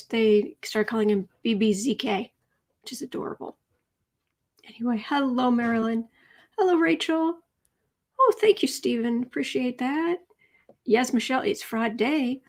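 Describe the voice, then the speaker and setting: Brief: middle-aged woman, livestream host, a bit high-pitched, chatty and rambling. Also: a little mellow. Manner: chatty, rambling, greets chat viewers by name. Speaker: tarot reading livestream host. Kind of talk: casual livestream chat.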